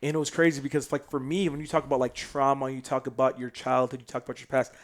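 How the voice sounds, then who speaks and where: A man from South Sudan, a podcast guest telling a story in casual chat. He is animated and slangy, and swings between loud bursts and hushed asides. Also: mid-range voice, fast talker.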